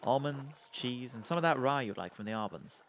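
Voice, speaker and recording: A man voicing a kindly middle-aged woman who keeps house in a game, speaking in a gentle, caring way. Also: medium pitch, lively intonation, moderate pace, a little hiss or hum.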